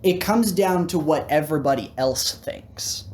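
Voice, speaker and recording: A man's voice: a little high, unhurried, darkish tone. A man co-hosting a casual debate chat, playful and teasing, slipping into storytelling. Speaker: co-host.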